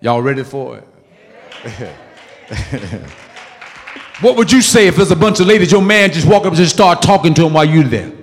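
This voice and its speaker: Casting: male pastor, high tenor, emphatic call-and-response sermon, long church-hall echo. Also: expressive, normal speed, pauses often, a faint crowd. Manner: emphatic, call-and-response preaching with sudden loud peaks.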